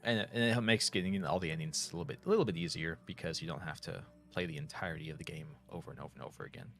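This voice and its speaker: Rambling low-voiced man gaming. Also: animated, racing, creaky, a bit bright, soft background music. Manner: rambling, filler-heavy, chuckling. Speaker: gaming youtuber. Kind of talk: let's play commentary.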